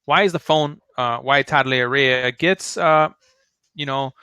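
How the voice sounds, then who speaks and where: A man's voice: mid-range voice, measured pace, bright, forceful tone, clear, resonant tone, dry recording. A man giving a casual sales training talk, chatty and full of fillers, acting out sample phone lines. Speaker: network marketing trainer.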